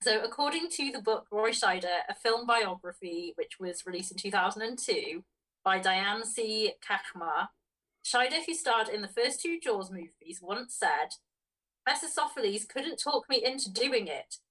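A woman's voice: mid-range voice, lively intonation, a little slow, sharp tone. A woman co-hosting a podcast, reading out film trivia in a matter-of-fact way. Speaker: podcast co-host. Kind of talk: casual film podcast chat. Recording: voice a bit distant from mic.

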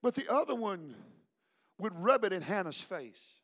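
High-pitched shouting man preaching a sermon. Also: big pitch swings, a little slow. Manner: alternates shouted exhortation with low storytelling; calls out to the congregation by name. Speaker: pastor. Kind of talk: fiery preaching at a church service.

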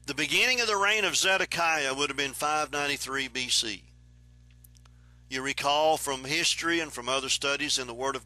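A man teaching the Bible verse by verse in an unhurried, explanatory way, reading passages aloud and then commenting on them. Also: mid-range voice, bright, forceful tone, no room sound.

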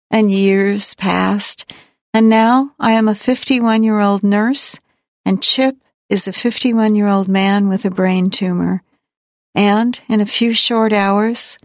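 A woman reading a novel aloud in first person, in a measured, wry and reflective way. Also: medium pitch, no room sound, clean studio sound. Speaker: audiobook narrator. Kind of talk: first-person audiobook narration.

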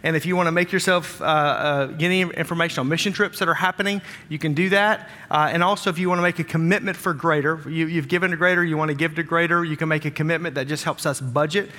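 Upbeat pastor in a reverberant church. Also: male voice, fairly high pitch, steady tone, fast, hardly any pauses, sharp tone. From Wisconsin. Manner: upbeat, joking with the congregation. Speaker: senior pastor. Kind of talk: sermon with church announcements. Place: large church auditorium. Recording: long hall reverb.

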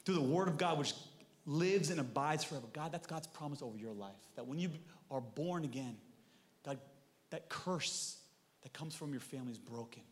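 A man preaching a sermon, animated, swinging from loud emphasis to soft asides, with jokes for the congregation. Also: on the high side, moderate pace. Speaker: pastor.

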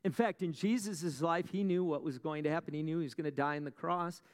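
Preacher with wry asides in a reverberant hall. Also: male voice, a little high. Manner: storytelling with dramatic pauses and rhetorical questions. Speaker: pastor. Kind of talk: sermon.

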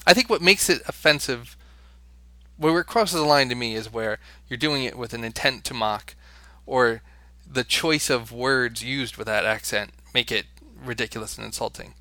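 A man's voice: mid-range voice, moderate pace, sharp tone, dry recording. An American man co-hosting a podcast, talking in a loose, rambling way with frequent restarts. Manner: rambling, with many restarts and fillers. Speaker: podcast co-host. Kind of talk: casual podcast chat.

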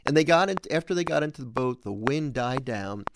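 A male host giving an earnest, animated Catholic talk on scripture, voicing the quoted lines with extra lift. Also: mid-range voice, a little fast, background noise.

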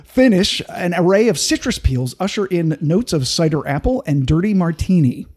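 A man with a high, husky voice hosts a relaxed tasting chat. His tone is mellow and warm as he reads tasting notes and jokes along. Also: normal speed. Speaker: podcast host.

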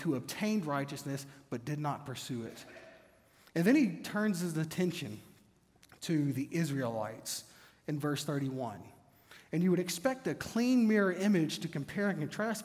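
Preacher asking rhetorical questions in a reverberant hall. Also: male voice, a little high, a little mellow. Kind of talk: sermon. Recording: long reverb of a church hall.

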